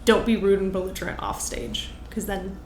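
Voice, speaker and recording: Roomy, animated woman comic chatting. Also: medium pitch, moderate pace. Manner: animated, acts out other comics' cadences. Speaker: stand-up comedian, podcast guest. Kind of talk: casual conversation. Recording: roomy with faint noise.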